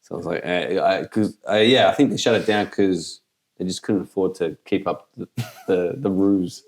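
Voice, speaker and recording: A man's voice: sits low, normal speed. A man co-hosting a casual podcast chat, rambling and laughing easily. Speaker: podcast co-host.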